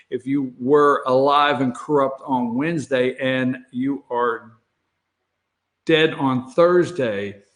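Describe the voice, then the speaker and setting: A man hosting an opinionated morning talk show from an office, blunt and sarcastic, chuckling between self-mocking asides to the camera. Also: mid-range voice. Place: office studio. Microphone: facing a camera.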